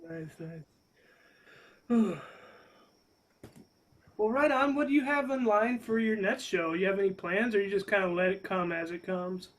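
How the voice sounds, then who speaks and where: A man's voice: sits high, measured pace, long pauses, a bit bright, low-quality recording. A man chatting candidly as a podcast guest, swearing casually and laughing as he tells stories. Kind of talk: casual chat.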